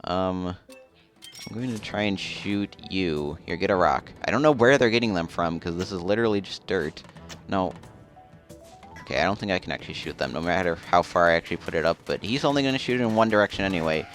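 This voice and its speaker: A man's voice: low-pitched, expressive, brisk, soft background music. A man casually commenting as he plays a video game, rambling and chatty. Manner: rambling, chatty, often laughing. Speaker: let's play host.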